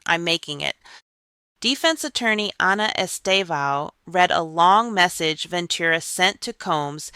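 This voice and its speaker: A news narrator reading a scripted court report in an even, measured way. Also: medium pitch, smooth, no room sound.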